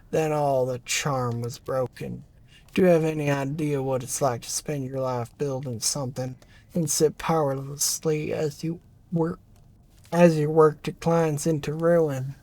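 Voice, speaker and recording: A performer reading a narrative game aloud, voicing a gloomy aging scientist in a hushed, low, drawn-out way. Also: dry recording, lightly acted. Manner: mournful, brooding, dwells on loss. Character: gloomy aging scientist who calls himself a king. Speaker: game character voice.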